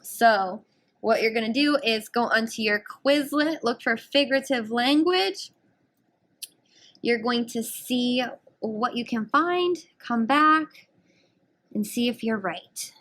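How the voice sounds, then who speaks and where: A woman English teacher giving a recorded guided reading lesson, explaining a story in an animated, explanatory way. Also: on the high side, takes it slowly.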